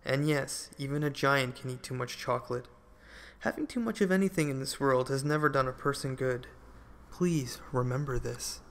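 Wise storybook king, gently commanding and calm, as a male narrator puts him on; middle pitch. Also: normal speed, natural voice. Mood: calm firmness.

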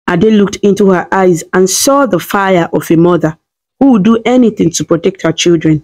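A woman reading a scripted story in a steady, dramatic way. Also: fairly low pitch, normal speed.

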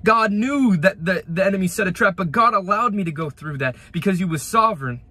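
A man's voice: sits high, expressive, brisk, pushed and bright, no room sound. A young man in his late teens gives an emotional spoken testimony, retelling events fervently with repeated phrases and restarts, outdoors by a roadside ditch. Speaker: young Christian giving a testimony.

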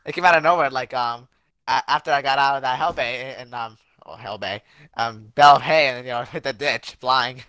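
A man's voice: medium pitch, normal speed, sharp tone, smooth, no echo. A young man in casual gaming chat with friends, cracking jokes and laughing often.

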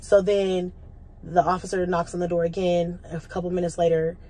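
A woman's voice: fairly low pitch, flat delivery, moderate pace, mellow, poor audio. A young woman vlogger bluntly recounting a heated story to her viewers, cursing freely, rambling and restarting her sentences. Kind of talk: casual storytime vlog.

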